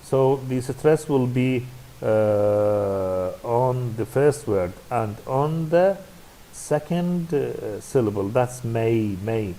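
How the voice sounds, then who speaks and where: A man's voice: medium pitch, slow pace, mellow, low-quality recording. A male university English lecturer with an Iraqi Arabic accent, a native Arabic speaker, giving a recorded classroom lecture that is hesitant and full of fillers. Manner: hesitant, many fillers and restarts.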